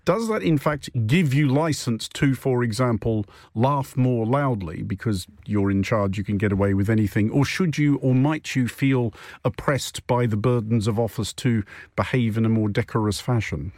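Male radio host, dry wit, relaxed panel banter, dead-dry studio sound. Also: medium pitch, normal speed, no echo. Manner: dry, wry humor. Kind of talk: radio panel show chat.

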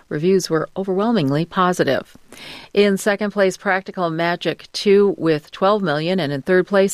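A woman newscaster reads a scripted report in a measured, crisp delivery. Her voice sits a little low. The studio sound is dry and close. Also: no room sound. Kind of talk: scripted news reading.

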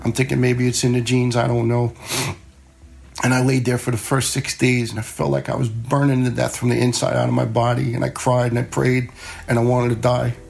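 Gravelly man telling a personal story. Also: medium pitch, little pitch movement, fairly quick, a little mellow, soft background music. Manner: plainspoken, conversational, acts out quoted voices. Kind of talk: personal story told on a radio show.

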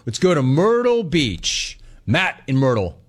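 A man runs a sports talk radio show from the studio, brash and animated, taking callers one after another. He riffs on their calls and hammers the same punchy words over and over. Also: a little high, measured pace, breathy edge.

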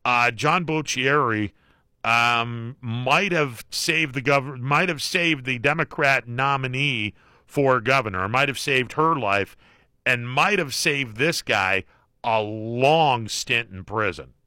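A man hosting a call-in radio talk show, speaking haltingly with many fillers. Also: medium pitch, pushed and bright, no room sound, clean studio sound. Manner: slow, halting with many fillers, breaks into put-on voices. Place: radio studio.

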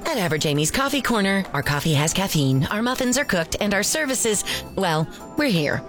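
A woman voicing a bored coffee shop owner in a radio ad, with a flat, unbothered, underwhelming delivery. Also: medium pitch, a little fast, soft background music, lightly acted. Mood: indifferent.

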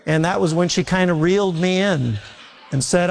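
A man's voice: sits high, normal speed, gravelly. Folksy preaching man in a reverberant hall. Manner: folksy, repetitive preaching with homely stories. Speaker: pastor. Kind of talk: sermon. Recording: long reverb of a large hall.

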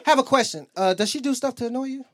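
A man's voice: very high-pitched, quick pace, noisy background. A man doing a stand-up comedy set on a club stage, telling profane stories and acting out the voices of the people in them. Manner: loose, profane storytelling with acted-out voices.

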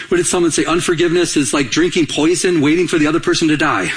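Animated high-voiced male pastor preaching. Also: quick pace, few pauses. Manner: animated, acts out quoted dialogue, frequent repetitions. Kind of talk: sermon.

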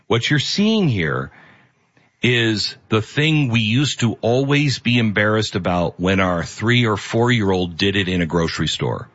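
A man's voice: on the low side, very animated, a little slow, a bit bright, muffled recording. A male host giving earnest, emphatic opinion commentary.

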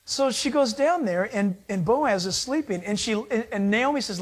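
A man's voice: sits high, expressive, normal speed, breathy edge. A man preaching a sermon, retelling the story in a casual, conversational way and acting out the people's lines. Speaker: pastor.

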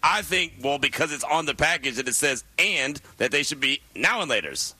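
A man with a high, strikingly bright voice hosts a sports radio show, trading teasing banter with his co-host. He laughs often and talks in a loose, playful way. The studio mic sounds close and dry. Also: lively intonation, normal speed, slightly rough, dry recording. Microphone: studio microphone.

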